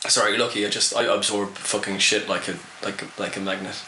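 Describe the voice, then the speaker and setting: A man's voice: lowish voice, level tone, fast, sharp tone, reverberant, slight background noise. A man hosting a casual podcast chat, rambling and joking, swearing freely. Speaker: podcast host.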